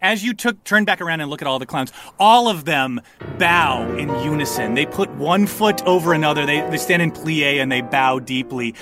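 A man narrating a tabletop game as game master, playful and quick to laugh. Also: fairly high pitch, bright, forceful tone, faint music behind.

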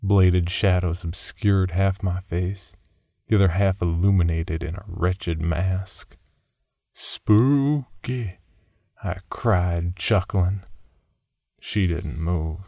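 Slow, gravelly, deep male storyteller. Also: little pitch movement, dark tone, no room sound, studio quality. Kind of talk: scripted first-person horror narration.

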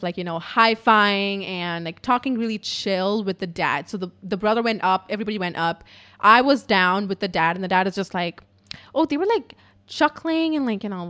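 A woman hosting a podcast, telling a story in a casual, profane, chatty way with lots of fillers, going from loud to hushed. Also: mid-range voice. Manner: animated, swinging between loud and hushed. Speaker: podcast host.

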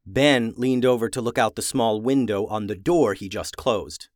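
A man reading a children's adventure story aloud in a lively, expressive way. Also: fairly low pitch, normal speed, no echo, studio quality. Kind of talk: storybook read-aloud for kids.

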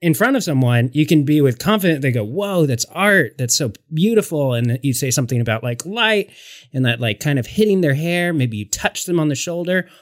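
A man's voice: a little high, animated, fairly quick. A man playing a tabletop game for comedy, rambling and repeating himself as his character. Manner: rambling, repeats "all right" often. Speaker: player.

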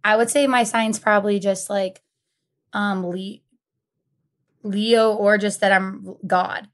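A woman's voice: mid-range voice, fairly even intonation, slow pace. A woman performing an improvised comedy scene as an awkward dinner date, rambling and stammering.

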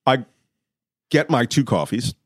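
A middle-aged man telling a vivid personal story, shouting when he acts out moments. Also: mid-range voice, expressive, measured pace, dry recording, clean studio sound. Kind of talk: animated storytelling.

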